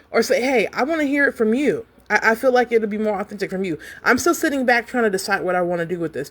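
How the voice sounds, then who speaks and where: Rich An animated woman chatting on a casual livestream, talking straight to her viewers. Her pitch sits in a middle range, and her delivery is lively and conversational. She comes across as a self-published author thinking aloud at home.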